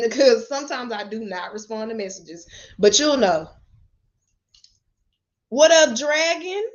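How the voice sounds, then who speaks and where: Unfiltered motivational lady cussing and laughing on a live, kinda high voice, muffled stream sound. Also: lively intonation, slow pace. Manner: blunt, profane, laughs often. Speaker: motivational speaker. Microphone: webcam or phone camera.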